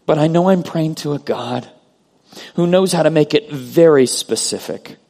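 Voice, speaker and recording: A man preaching a sermon as pastor, earnest, moving between loud emphasis and hushed prayer. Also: on the high side, moderate pace, vocal fry. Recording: long hall reverb.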